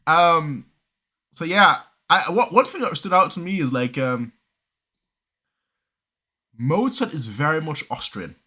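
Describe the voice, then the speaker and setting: A man from southern Germany giving casual reaction commentary, talking fast and rambling with many restarts and pauses. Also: a little high, expressive, pushed and bright. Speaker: reaction video creator.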